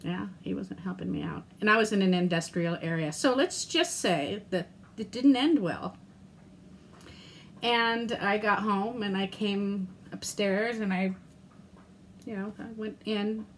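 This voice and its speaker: A middle-aged woman vlogging in a casual, candid and rambling way, self-deprecating, with mild cursing and lively swings in tone. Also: mid-range voice, unhurried, a little hiss or hum. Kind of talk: casual chat to camera.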